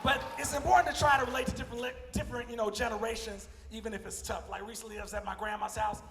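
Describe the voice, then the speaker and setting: A man's voice: very high voice, steady tone, rapid-fire, creaky, a bit bright, slight background noise. A man doing a stand-up comedy set on a convention stage, talking conversationally and often saying "you know what I'm saying". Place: convention stage before a live audience. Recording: echoey hall.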